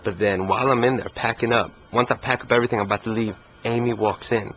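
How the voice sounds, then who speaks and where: Laid-back young man, low voice. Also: fairly even intonation, quick pace, fairly bright tone. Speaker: interviewee. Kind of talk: casual storytelling interview. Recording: muffled recording with faint hiss.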